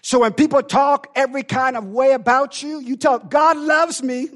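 A pastor preaching a sermon, emphatic and calling out to the congregation, swinging from hushed talk to shouting. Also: male voice, very high voice, fairly even intonation, normal speed.

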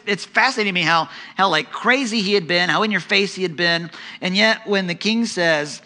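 A man preaching with a bright, forceful voice pitched a little high. He is dramatic, sinking into quiet low tones to stress a point and slipping into the voices of the people in his story. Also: expressive, fairly quick. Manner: dramatic, drops to soft low tones for emphasis and acts out voices. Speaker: pastor. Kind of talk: sermon.

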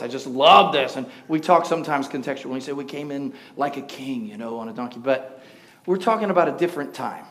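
A man preaching a sermon in church as pastor, swinging between shouted declarations and quiet, conversational asides. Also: fairly high pitch.

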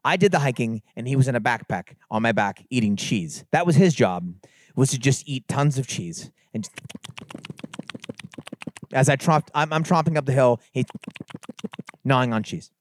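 A middle-aged man from the San Francisco Bay Area, telling a story and preaching at a youth conference in an animated, conversational way. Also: medium pitch, normal speed, long pauses, a little hiss or hum. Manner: animated, conversational, builds to emphatic exhortation. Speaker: conference speaker. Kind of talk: sermon-style storytelling talk.

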